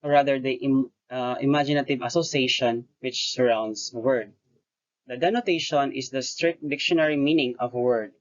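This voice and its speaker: A teacher giving a recorded lesson, speaking deliberately, pausing often between phrases and correcting their own wording. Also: medium pitch. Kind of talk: recorded lecture-style lesson. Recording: dull lo-fi voice recording.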